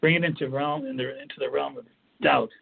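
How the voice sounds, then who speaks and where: A man's voice: fairly high pitch, steady tone, fairly quick, gravelly. A man giving an earnest instructional talk on coping techniques, often restarting his phrases as he explains. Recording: tinny phone-like audio.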